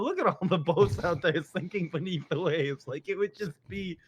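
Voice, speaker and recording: A man co-hosting a podcast in casual chat, telling jokey stories with quick put-on voices and laughing often. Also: sits high, breathy edge, dull audio. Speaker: podcast co-host. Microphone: headphones.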